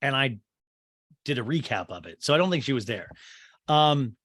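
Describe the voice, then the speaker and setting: A man hosting a podcast, retelling a reality show reunion in a rambling, animated way with lots of fillers and quick voices for the cast. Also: medium pitch, dry recording, clean studio sound. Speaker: podcast host. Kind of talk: casual recap of a reality show.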